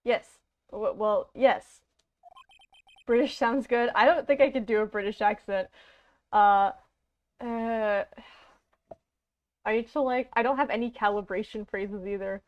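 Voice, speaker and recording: A woman's voice: a little high, moderate pace, long pauses. A Canadian woman streaming a game, chatting casually in a rambling, self-deprecating way with lots of fillers. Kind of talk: casual let's-play chat. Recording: dull lo-fi stream audio.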